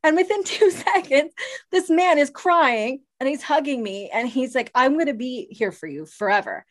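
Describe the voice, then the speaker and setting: A woman's voice: high-pitched, animated, normal speed. A young woman hosting an interview, speaking candidly and personally as she tells a story before asking her question. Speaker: interview host. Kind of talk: casual interview talk.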